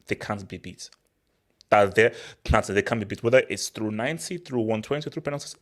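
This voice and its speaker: A young man from Nigeria hosting a casual football talk, excitable and prone to repeating words as he restarts his sentences. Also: on the low side. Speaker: football channel host. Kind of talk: casual football commentary monologue.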